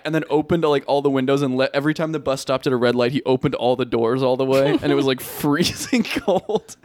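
A man's voice: mid-range voice, fairly quick, few pauses, a little mellow, no echo, studio quality. A man co-hosting a casual podcast, telling stories and laughing as he talks. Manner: storytelling, laughing while talking. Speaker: podcast co-host. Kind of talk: casual chat.

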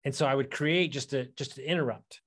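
A man hosting a casual podcast chat, retelling a story in a loose, animated way. He stumbles and restarts often. His voice sits at a middling pitch. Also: a little fast. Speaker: podcast host.

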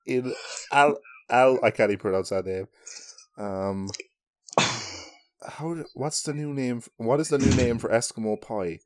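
A man's voice: mid-range voice, measured pace, pauses often. A young man with an Irish accent co-hosting a podcast from his bedroom, joking crudely and laughing often into his mic. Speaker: podcast co-host. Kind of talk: casual chat. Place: bedroom at home.

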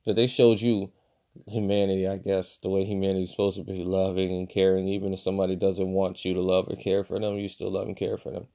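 A man giving a casual, profane movie review, swinging between loud outbursts and low mutters. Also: completely flat delivery, quick pace, gravelly.

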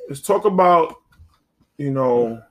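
A man co-hosting a podcast, asking laid-back, drawn-out questions in casual chat. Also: on the high side, expressive. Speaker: podcast co-host.

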